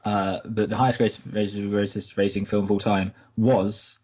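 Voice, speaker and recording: A man's voice: lowish voice, flat delivery, moderate pace, a little mellow, slightly rough. A man co-hosting a film podcast, chatting casually and correcting himself as he rambles through stories. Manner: rambling, self-correcting storyteller. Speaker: podcast co-host.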